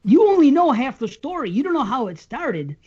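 An easygoing man talks through a casual podcast chat, his voice rising and falling in a lively, animated way. He rambles through stories, laughing often. The recording sounds a little dull and muffled. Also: very high voice, fairly quick, breathy edge. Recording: slightly muffled audio.

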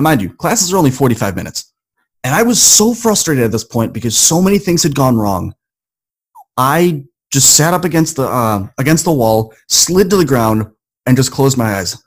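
A man, a podcast guest, telling a personal story and acting out his quoted inner talk with rising emphasis. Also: mid-range voice.

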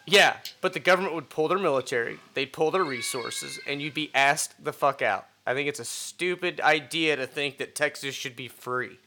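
This man co-hosts a laid-back podcast, his voice pitched on the high side with a sharp edge and a normal pace. He speaks bluntly, swears freely, and trips over repeated words when starting sentences.

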